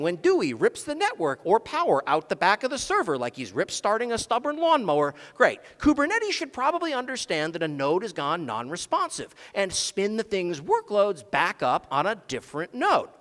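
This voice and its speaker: A man's voice: sits high, a bit bright. A man giving a comedic technical talk at a conference, full of dry, sarcastic jokes. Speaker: conference speaker. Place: conference hall stage. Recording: long reverb of a large hall.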